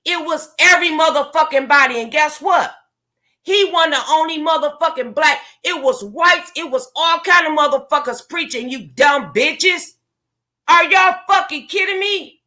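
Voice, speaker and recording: Angry high-voiced woman ranting. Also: moderate pace, bright, forceful tone. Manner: profane, confrontational, preachy. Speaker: vlogger. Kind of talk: angry rant to camera.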